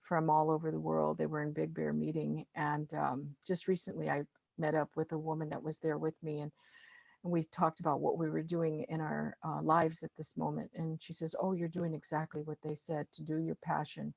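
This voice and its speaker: A middle-aged woman speaks in a very low, gravelly voice, pausing often with fillers and restarting her thoughts. Her talk is casual and conversational, like a guest on a video call. The sound is dry and close, with no room around it. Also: completely flat delivery, a little mellow, no echo. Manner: halting, many fillers and restarts. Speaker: guest speaker, master gardener.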